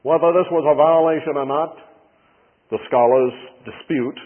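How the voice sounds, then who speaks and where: A man's voice: a little high, moderate pace. A man preaching a sermon who teaches through folksy storytelling with touches of humor. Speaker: pastor. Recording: tinny broadcast with long hall reverb.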